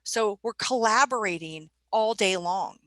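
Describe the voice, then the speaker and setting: A woman's voice: mid-range voice, unhurried, a bit bright, no echo. A woman presenting a staff training webinar in a conversational way, putting questions to her audience.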